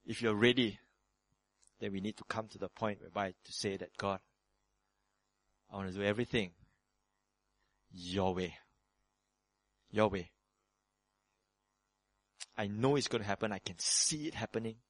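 A man preaching a sermon as pastor, acting out prayers in quick shifts of voice. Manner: lively preaching, acts out prayers in sudden higher voices.

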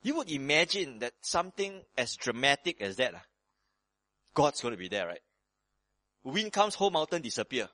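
A man preaching a sermon on a Bible passage, animated and dramatic, moving between loud emphasis and hushed tones, with casual asides to his listeners. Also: mid-range voice, dry recording. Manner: conversational asides with frequent "you know" and "right".

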